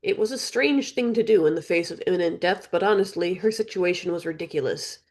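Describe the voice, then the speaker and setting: A woman reading her own fantasy audiobook in an even storytelling narration. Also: on the low side, brisk. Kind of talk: scripted narration.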